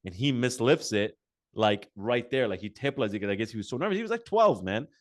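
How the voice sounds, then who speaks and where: Man, host, casual interview, animated storytelling, lots of fillers, mid-range voice. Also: mid-range voice, brisk. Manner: animated anecdotes, many fillers and restarts. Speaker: podcast host.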